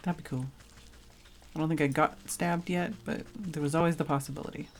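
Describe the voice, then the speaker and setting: A woman streamer with a notably low voice keeps up relaxed, dry commentary as she plays. She speaks casually into a desk microphone. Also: brisk, a little hiss or hum. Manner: relaxed, wry asides. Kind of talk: casual game streaming with read-aloud story.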